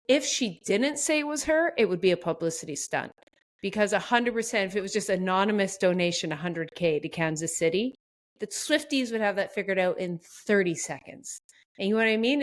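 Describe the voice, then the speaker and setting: A woman with a Canadian accent, co-hosting a podcast in quick, animated casual chat with frequent laughs. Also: medium pitch. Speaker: podcast co-host.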